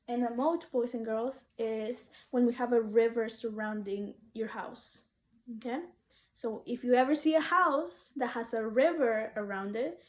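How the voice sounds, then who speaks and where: A woman teaching a phonics lesson to young children, saying each word twice slowly and inviting them to repeat it. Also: a little high, a little mellow. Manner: slow, clearly sounded-out words with call-and-response prompts.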